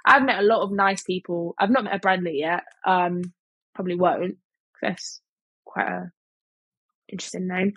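Young woman, breathy voice, chatty storytime vlog, dry close mic. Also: fairly low pitch, normal speed, long pauses, fairly bright tone, no echo, low-quality recording. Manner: chatty, full of fillers, mimics others in quotes. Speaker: vlogger. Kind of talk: casual storytime chat.

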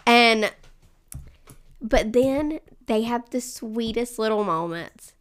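A woman co-hosts a relaxed podcast chat, her voice smooth and clear and set a little high. She tells stories about her kids with animated energy and laughs often along the way. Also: slow pace. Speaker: podcast co-host. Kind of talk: casual chat.

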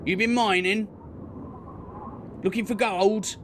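Man playing a rough orc thug boss, loud and high-pitched, swaggering, noisy background. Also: fairly even intonation, takes it slowly. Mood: menacing. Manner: threatening, coarse swagger. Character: menacing male orc bandit leader.

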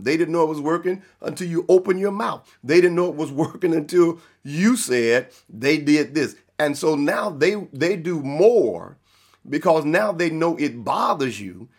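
A man's voice: on the high side, gravelly, breathy edge. A man preaching a sermon, with a Black church cadence, repeating phrases and firing rhetorical questions at his listeners.

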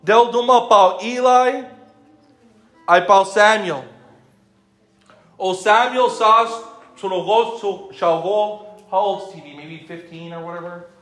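Guy preaching way up high, switching english and romani, calling on people, echoey church with faint music under it. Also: slow pace, pauses often, a bit bright. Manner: preaching with rhetorical questions, calling out congregants by name. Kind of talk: sermon. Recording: roomy echo with faint music.

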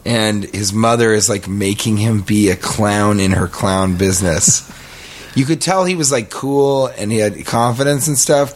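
A middle-aged man telling a rambling, comic story on a podcast, acting out the quotes as he goes. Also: fairly low pitch. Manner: rambling, animated, acts out quotes. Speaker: podcast host. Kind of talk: casual comedic storytelling.

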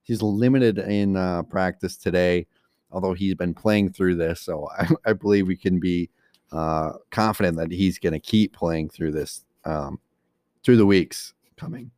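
A man's voice: low-pitched, measured pace, a little mellow, dry recording, studio quality. A man co-hosting a casual podcast, giggling often and reading updates with lots of fillers. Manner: giggly, reads injury updates with frequent fillers. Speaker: podcast co-host.

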